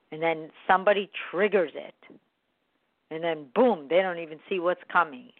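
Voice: mid-range voice, dry recording. An earnest speaker in a reflective monologue, explaining step by step how to own a hurt and apologize. The sound is thin and phone-like, with a close, dry feel and no room around it. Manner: earnest, talks through steps of an apology. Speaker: podcast speaker on forgiveness. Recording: tinny phone-like line, dry.

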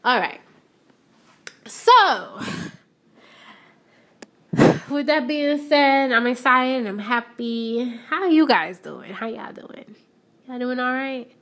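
Chatty woman with a higher voice. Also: expressive, slow pace, long pauses, bright, forceful tone. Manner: chatty, repeats phrases, talks straight to listeners. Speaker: podcast host. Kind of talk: casual solo podcast chat. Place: shop, stepping in and out of doors.

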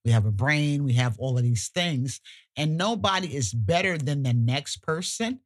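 A woman co-hosting a podcast, talking emphatically and colloquially, sometimes cussing, her pitch jumping high when she gets worked up. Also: animated, moderate pace. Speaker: podcast co-host. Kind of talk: casual podcast chat.

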